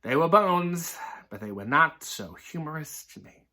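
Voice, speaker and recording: Lively, bright-voiced man reading a spooky story. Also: on the high side, moderate pace. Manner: builds hushed suspense, then drops into deadpan mocking asides. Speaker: host reading a bedtime story. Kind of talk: comic bedtime story reading.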